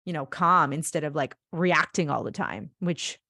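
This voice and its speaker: A woman's voice: sits low, moderate pace, gravelly, pushed and bright, no echo, clean studio sound. A woman hosting a podcast, chatting casually, with fillers and agreeing readily. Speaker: podcast host.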